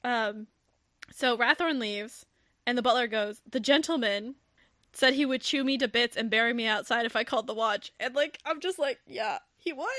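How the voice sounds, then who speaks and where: On a podcast with clean studio audio and no echo, a woman whose voice is on the high side talks at a normal speed. She recaps a novel in a relaxed, animated way, voicing characters' quotes amid laughter and swearing.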